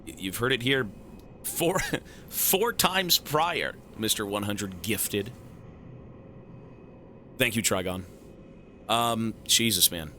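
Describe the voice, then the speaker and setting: A male streamer thanking donors and joking with his live chat in a profane, animated way. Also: on the low side, slow, pauses often, a little hiss or hum.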